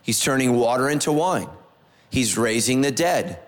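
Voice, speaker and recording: A man's voice: medium pitch, lively intonation, moderate pace, long reverb tail. A male pastor giving a conversational sermon, repeating phrases and asking the congregation questions. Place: church sanctuary.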